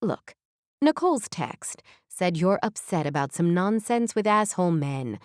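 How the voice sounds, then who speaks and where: A woman's voice: lowish voice, expressive, a little slow, darkish tone, dry recording. A woman voicing a confident, brash female boss in an audiobook, speaking bubbly and bossy in a dry, close recording. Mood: exuberant.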